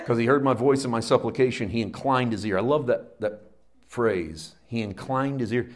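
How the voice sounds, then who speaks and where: A middle-aged man preaching a sermon, dropping into hushed low asides and rising to loud emphatic peaks. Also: moderate pace. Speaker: pastor.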